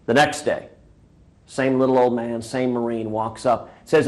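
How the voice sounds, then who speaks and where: Brief: male candidate, punchy stump-speech greeting, mid pitch. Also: steady tone, a little slow. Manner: rallying, punchy repetitions. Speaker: presidential candidate. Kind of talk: recorded New Year greeting with a joke.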